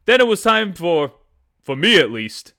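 A man's voice: high-pitched, sing-song, a little slow, gravelly, pushed and bright. Man reading a story in a put-on New Jersey accent. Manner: dramatic storytelling reader. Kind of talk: reading a comic story aloud.

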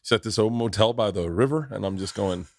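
A middle-aged man hosting a podcast, telling stories in casual chat with a lot of swearing and animated delivery. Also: fairly low pitch, a little fast, gravelly, no room sound, studio quality. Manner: profane, animated storyteller. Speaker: podcast host.

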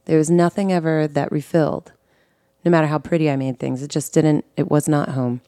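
A woman's voice: low-pitched, steady tone, dark tone, no echo, studio quality. A woman as guest host on a podcast, telling her life story earnestly and emotionally, often correcting herself mid-sentence. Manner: earnest and emotional, with quick self-corrections and restarts. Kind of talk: candid personal storytelling on a podcast.

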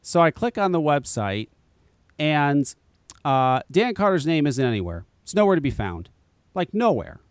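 A man's voice: a little high, sing-song, moderate pace, smooth, dry recording. A man on a podcast chatting casually and ranting in an exasperated, profane way. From Connecticut, US. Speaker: podcast co-host, vape shop owner.

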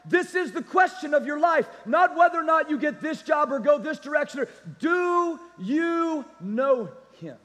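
A man preaching a sermon as pastor, energetic and calling out to the congregation. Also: very high voice, big-room sound.

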